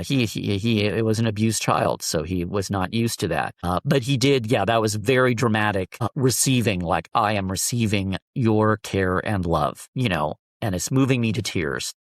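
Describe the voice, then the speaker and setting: A man with a fairly low voice recounts a personal story, earnest and heartfelt, stopping and restarting as he goes. The sound is dry and close, with no room around it. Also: dry recording. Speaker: interview guest.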